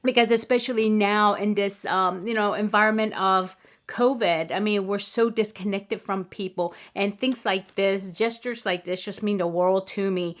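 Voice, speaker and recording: A woman's voice: medium pitch, fairly even intonation, normal speed. A woman vlogger chatting casually as she unboxes friend mail, gushing and full of fillers. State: tearful. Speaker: beauty vlogger.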